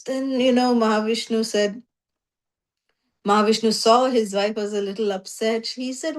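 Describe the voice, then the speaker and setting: A woman with a high voice teaching a scripture story class. She narrates animatedly, slipping into voices and leaning on 'you know'. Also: normal speed. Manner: frequent 'you know' fillers.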